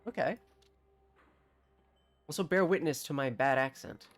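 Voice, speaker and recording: A streamer giving live gameplay commentary, excitable, swearing freely and reacting aloud. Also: mid-range voice, unhurried, soft background music.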